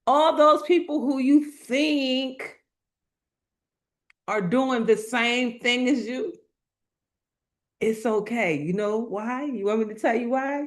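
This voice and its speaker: A woman motivational speaker preaches to an online live audience, slow and emphatic, with a voice on the high side. She talks colloquially, repeats her phrases and calls out to the chat.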